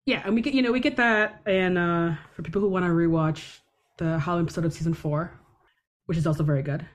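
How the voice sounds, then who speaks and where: A woman's voice: on the low side, fast. A woman co-hosting a podcast in casual chat, talkative, with dry humor and frequent swearing. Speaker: podcast co-host. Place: city.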